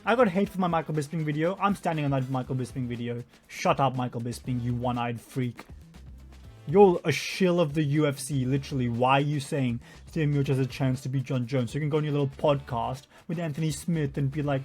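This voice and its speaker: A man's voice: mid-range voice, fairly quick, a little mellow, faint music behind. A man giving a profane, mocking commentary rant over interview clips. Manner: mocking, profane, does sarcastic impressions. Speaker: YouTube commentator.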